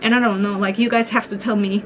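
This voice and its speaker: Soft monotone woman from Japan. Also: mid-range voice, fast talker, background noise. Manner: monotone and soft-spoken, quiet so as not to disturb family; earnest, frequent fillers and small laughs. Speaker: political vlogger. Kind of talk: casual commentary to viewers.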